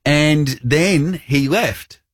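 A man's voice: extremely slow, dry recording, clean studio sound. A man co-hosting a radio show, telling a story casually, acting out the voices and laughing as he goes. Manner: animated, acts out quotes with shifting pitch.

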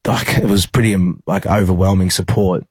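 A young Australian man, a rugby league player, telling a personal story in an interview, halting with many fillers and restarts. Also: low voice, steady tone, darkish tone, husky, no room sound.

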